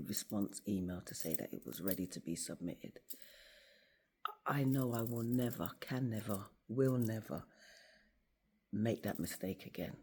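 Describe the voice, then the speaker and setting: A very deep, breathy female voice belongs to a school staff member and faith vlogger speaking in her office. Her casual motivational talk to camera features an animated story in which she acts out the voices of the people she quotes.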